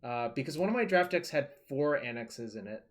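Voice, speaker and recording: A man's voice: medium pitch, animated, brisk. A man streaming a card game, talking loosely and casually, thinking aloud and swearing now and then. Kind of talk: casual live-stream commentary.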